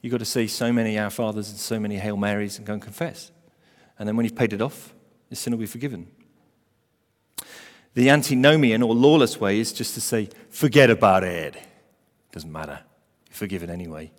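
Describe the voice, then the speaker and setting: A man preaching a sermon as pastor, emphatic, building to loud stressed phrases. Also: fairly low pitch, fairly even intonation, fairly quick. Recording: long hall reverb.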